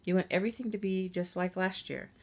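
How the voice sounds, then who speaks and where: A woman's voice: fairly low pitch, fairly even intonation, brisk, darkish tone. Bossy teen girl, curt and dismissive, read aloud in a storybook by a woman reader. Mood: scornful. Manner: curt, scornful.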